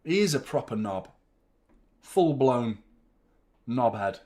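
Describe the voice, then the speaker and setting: A man, hosting a football watchalong with excitable, rambling commentary and frequent swearing. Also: mid-range voice, slow pace. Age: 30s. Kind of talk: live match commentary and chat.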